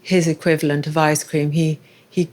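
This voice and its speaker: Low-voiced woman hosting an onstage conversation. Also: little pitch movement, normal speed, darkish tone. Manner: candid, personal, thoughtful. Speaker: interviewer and show host. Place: live festival stage.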